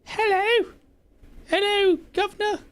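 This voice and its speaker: A man putting on a high falsetto as a prim British woman, mocking his own attempt. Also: flat delivery, slow pace, a bit bright, full character voice. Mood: prim greeting.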